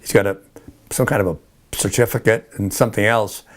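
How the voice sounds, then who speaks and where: An older man with a fairly low voice recounts memories in an interview. His telling is loose and rambling, full of restarts, and he often chuckles as he goes. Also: fairly even intonation, a little fast. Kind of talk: oral history interview.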